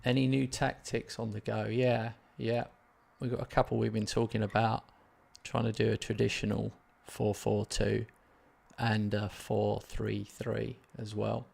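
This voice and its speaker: A man hosting a casual gaming live stream, rambling and poking fun at himself as he reads out chat. His voice sits fairly low with a heavy, gravelly fry running through it. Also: little pitch movement, measured pace, a little mellow. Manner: chatty, rambling, self-mocking.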